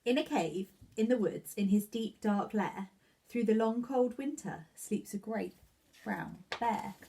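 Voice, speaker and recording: A woman reading a children's picture book aloud for nursery children, in an expressive, rhythmic sing-song way. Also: medium pitch, a little slow, vocal fry. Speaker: nursery staff reader. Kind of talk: children's storybook read-aloud.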